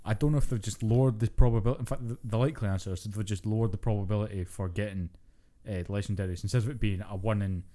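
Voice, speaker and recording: Fast-talking young man with a low voice. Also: fairly even intonation, mellow. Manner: fast, chatty, explains game details. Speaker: podcast co-host. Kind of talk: casual chat.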